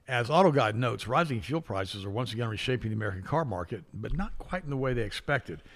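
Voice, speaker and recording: A man's voice: medium pitch, animated, fast. A middle-aged male co-host who reads news items aloud and adds sarcastic, opinionated asides. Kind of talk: opinionated talk show commentary.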